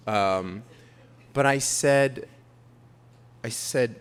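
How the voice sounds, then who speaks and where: A man's voice: medium pitch, very slow, pauses often, fairly bright tone, clear, resonant tone. A man in his thirties from Queens, telling a confessional, self-deprecating story on stage. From Queens, New York. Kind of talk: live storytelling. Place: theater stage. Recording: long hall reverb.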